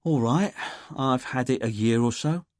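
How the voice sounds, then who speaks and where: A man's voice: mid-range voice, measured pace, no room sound, studio quality, pitched above the performer's own voice, close to an everyday voice. A man voicing a cagey, defensive male suspect with a London accent in an audiobook. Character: evasive cocky male rum seller from Essex.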